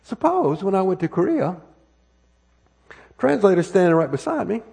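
A man's voice: high-pitched, sing-song, normal speed, gravelly, mellow, breathy edge. An American man preaching a sermon in a church, talking conversationally through a body-worn microphone with many rhetorical questions and repeated phrases. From United States. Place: church sanctuary. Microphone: wireless microphone worn on body.

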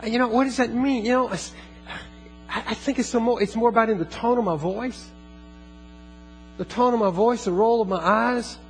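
High-voiced guy preaching, earnest, repeats himself a lot, faint music under it. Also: poor audio. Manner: earnest, repeats phrases, many restarts, slows for emphasis. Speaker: pastor. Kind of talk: sermon.

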